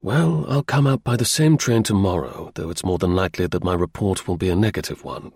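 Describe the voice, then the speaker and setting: A man's voice: deep voice, a little mellow, husky, no echo. Man reading as a cool, lecturing detective. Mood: measured. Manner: measured, explaining, a little dry. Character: sharp, aloof male detective, calm and lecturing.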